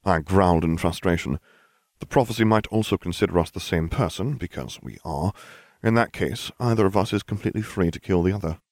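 A man's voice: sits low, fairly quick, darkish tone, dry recording. A man narrating a fan fiction story in the first person, with dry, wry humor. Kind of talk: fan fiction audiobook reading.

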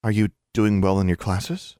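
A man putting on a weary, ordinary mother who keeps everything guarded, answering in clipped, defensive lines. The voice sits a touch lower than most, in a dry, close audiobook sound with no room around it. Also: steady tone, moderate pace, dark tone, no room sound, lightly acted. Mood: mild. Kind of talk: audiobook character voice.

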